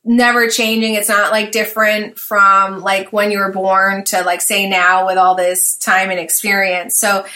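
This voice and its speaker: A woman's voice: mid-range voice, level tone, unhurried, few pauses, pushed and bright. A woman hosting a podcast, chatting casually and thinking aloud with lots of filler words. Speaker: podcast host. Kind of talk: podcast conversation.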